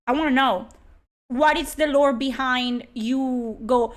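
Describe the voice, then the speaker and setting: High-voiced, slow-talking sarcastic woman streamer. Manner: sarcastic, profane and blunt. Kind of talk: live-stream reaction commentary.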